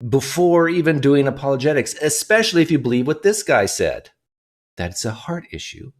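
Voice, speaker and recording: A man's voice: medium pitch, lively intonation, a little fast. A man hosting a livestream, talking casually and reading donation messages aloud. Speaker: livestream host.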